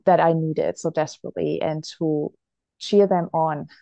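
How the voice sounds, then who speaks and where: A woman with a lowish, gravelly voice talks openly as a guest on a podcast interview, calm and reflective. Her tone is dark and mellow, and she breaks into easy laughs. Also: moderate pace, no echo. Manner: reflective, open, laughs while telling her story. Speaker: podcast guest, mother and therapist. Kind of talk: candid interview conversation.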